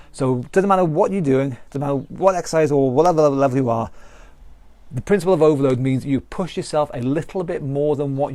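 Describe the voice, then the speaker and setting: An earnest man with a British accent teaching a live online fitness class, circling back to his points again and again. His voice is mellow and low-key, and the sound is dry and close, with little room around it. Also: no echo. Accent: British English. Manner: earnest, repetitive explaining with restarts. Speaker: fitness instructor.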